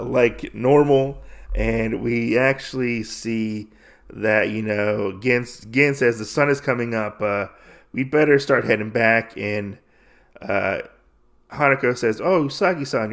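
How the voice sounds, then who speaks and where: A man's voice: medium pitch, vocal fry. Man casually recapping a comic story. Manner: rambling, filler-heavy retelling; loosely voices characters while recapping. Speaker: podcast host.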